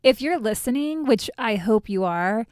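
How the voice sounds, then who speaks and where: A woman's voice: a little high, lively intonation, normal speed, darkish tone, no echo, clean studio sound. A woman co-hosting a podcast, chatting in a playful, teasing way. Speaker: podcast co-host. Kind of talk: casual chat.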